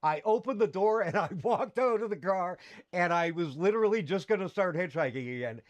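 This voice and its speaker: A man's voice: sits high, lively intonation, brisk, dull audio. A middle-aged man, hosting a talk show and telling a personal story in a candid, rambling way with fillers and restarts. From Canada. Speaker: podcast host.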